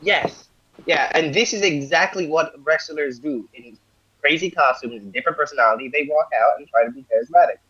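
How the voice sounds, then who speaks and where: A man playing in a tabletop game, excitable and joking. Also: fairly high pitch, fairly quick, slight background noise. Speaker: player. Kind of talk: casual tabletop play. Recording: slightly dull, lo-fi mic.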